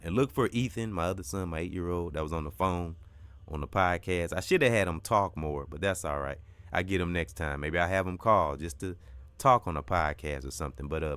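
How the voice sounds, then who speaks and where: A man's voice: deep voice, a bit bright, clean tone, no room sound. A middle-aged man hosting a podcast, giving an emphatic, preachy spiritual pep talk that repeats its points and swears now and then. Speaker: podcast host.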